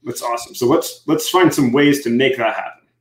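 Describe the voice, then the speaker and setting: A man's voice: mid-range voice, a little fast. A man co-hosting a podcast in casual chat, enthusiastic and loose, with lots of fillers and "right?" tags. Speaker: podcast co-host. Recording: echoey room sound.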